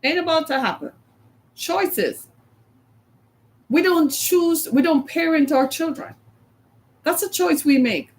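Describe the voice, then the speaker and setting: A woman's voice: high-pitched, moderate pace. A middle-aged woman giving a motivational talk to an audience, emphatic, often repeating one key word and acting out quoted lines. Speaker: speaker.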